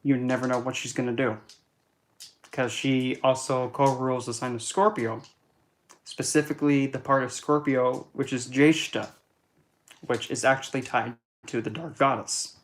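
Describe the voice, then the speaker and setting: Chatty blunt man with dark jokes. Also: medium pitch, steady tone, normal speed. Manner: chatty and blunt, darkly joking, self-correcting. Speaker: occult and astrology vlogger. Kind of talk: casual monologue.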